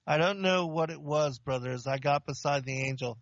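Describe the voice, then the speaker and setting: A man tells his testimony to a congregation in plain, earnest short sentences. His voice sits fairly high with a gravelly edge. The recording is dry and a little dull. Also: normal speed, few pauses, no echo. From Romania. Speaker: preacher giving testimony. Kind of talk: testimony sermon.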